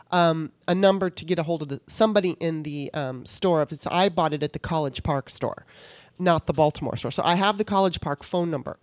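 With a fairly low-pitched voice and no room sound, this podcast host tells a customer service saga as an exasperated, swearing rant. She acts out the exchanges through quoted dialogue.

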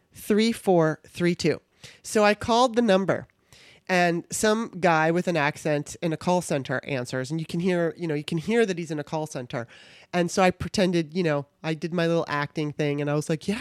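A woman with a fairly low voice hosts her own podcast in a casual monologue. The recording is dry and studio quality, and she chats in an irreverent way, swearing now and then.

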